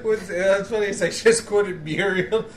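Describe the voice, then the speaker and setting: A man's voice: high-pitched, normal speed, reverberant, far from the mic, a little hiss or hum. A man in casual banter who tosses off dry, mumbled one-liners. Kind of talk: casual banter while gaming.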